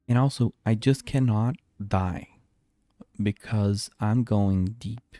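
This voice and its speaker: Low, mellow-voiced man rambling over gameplay. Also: dry recording, studio quality. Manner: rambling, self-talking, restarts often. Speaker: streamer. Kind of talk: live gameplay commentary. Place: home.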